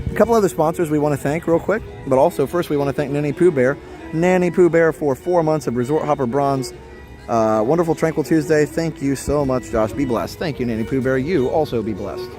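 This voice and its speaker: A man's voice: mid-range voice, darkish tone. A man hosting a casual live stream from a theme park at night, chatting and reading out viewer comments.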